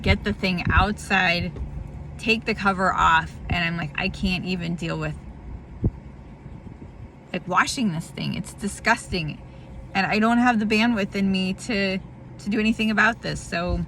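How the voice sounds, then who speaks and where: With a fairly low pitch, vocal fry, and a sharp tone, a weary woman talks frankly in a casual spoken diary. As a vlogger updating viewers on her family, she rambles and laughs through a hard moment, slight background noise audible.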